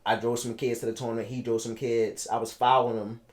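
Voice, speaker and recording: A man, telling his own story in a casual interview, animated and repeating himself for emphasis. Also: medium pitch, quick pace. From Baltimore, United States. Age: 30s.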